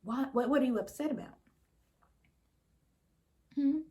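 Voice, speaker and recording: Woman, TV recap host, opinionated, animated, acts out characters' lines, slightly high voice. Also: unhurried. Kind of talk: casual TV recap commentary.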